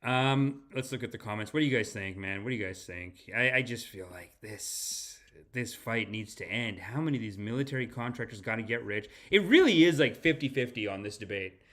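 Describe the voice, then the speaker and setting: A man's voice: medium pitch, lively intonation, fairly quick, few pauses, fairly bright tone. A man hosting a podcast, reacting to clips in a casual, joking, profane way. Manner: joking, profane, laughing often. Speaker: podcast host.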